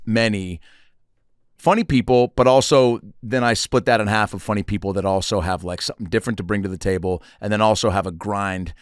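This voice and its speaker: A man's voice: on the low side, fairly even intonation, fairly quick, clean tone, dry recording, studio quality. A man hosting a podcast, laid-back and encouraging in casual chat with a guest. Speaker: podcast host.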